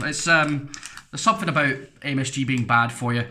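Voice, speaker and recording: A man's voice: mid-range voice, fast, sharp tone, a little hiss or hum. Frank, chatty English man reviewing food. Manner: frank, rambling, chatty asides. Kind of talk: casual product review.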